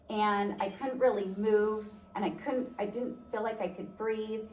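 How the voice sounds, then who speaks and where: A woman's voice: medium pitch, steady tone, moderate pace, hardly any pauses, darkish tone. A woman giving a motivational talk, telling a personal story in a conversational way with many fillers. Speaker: speaker. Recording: roomy, distant mic, faint noise.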